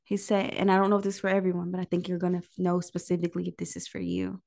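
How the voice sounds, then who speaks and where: A woman hosting a prayer livestream, preaching in an emotional, near-tearful way and pausing often to listen. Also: lowish voice, flat delivery, gravelly, a little mellow. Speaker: host of a prayer call livestream. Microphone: livestream microphone.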